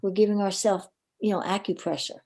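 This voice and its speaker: A woman's voice: medium pitch, brisk. A woman guest on a podcast, a coach and minister, telling personal stories earnestly and animatedly, often repeating words as she goes. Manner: earnest, animated storyteller with frequent word repeats. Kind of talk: personal storytelling in a podcast interview.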